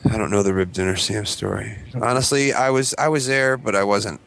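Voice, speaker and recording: Low-voiced man, dry teasing banter. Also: a little fast, vocal fry, fairly bright tone. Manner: dry, teasing, laughs often. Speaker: podcast co-host. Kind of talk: casual banter.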